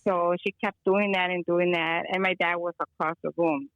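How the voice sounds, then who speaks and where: The guest caller, a woman with a fairly low voice, talks at normal speed in a flat way; the phone or video call recording is dry, narrow and tinny. Casually rambling through a long story, she leans on fillers and slips in Spanish phrases.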